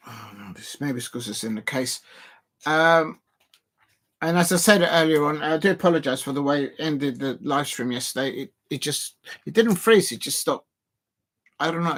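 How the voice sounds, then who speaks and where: A man's voice: medium pitch, normal speed, a bit bright. A man casually chatting and commenting on a football match during a live watch-along stream, rambling with lots of fillers and restarts, sitting close to his desk microphone. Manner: rambling, self-deprecating, many fillers and restarts.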